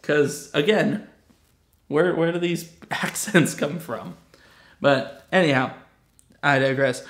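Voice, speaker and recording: A man's voice: a little high, takes it slowly, a bit bright. A man co-hosting a casual chat podcast, joking loosely and leaning on "like" a lot. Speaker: podcast co-host. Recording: echoey room.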